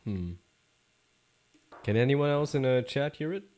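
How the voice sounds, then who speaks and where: A man's voice: mid-range voice, lively intonation, measured pace, darkish tone. Young man reading game lines on stream. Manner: joking, reads character lines aloud. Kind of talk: casual live-stream play-through. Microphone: desk mic with static.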